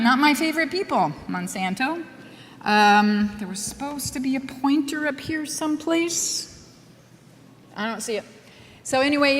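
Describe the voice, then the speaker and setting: Higher-voiced woman with a Minnesota accent, lecturing with wry, emphatic rhetorical questions, recorded with long reverb. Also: slight background noise. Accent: Minnesota with a Scandinavian lilt. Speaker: soil scientist giving a lecture. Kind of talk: conference lecture.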